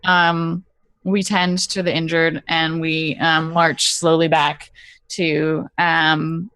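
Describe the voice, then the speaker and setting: Low-voiced woman rambling through a game epilogue. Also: little pitch movement, takes it slowly, a bit bright, clean tone, no echo. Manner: rambling, full of "like" and "um", giggly. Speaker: tabletop game player. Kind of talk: casual narration of her character's epilogue.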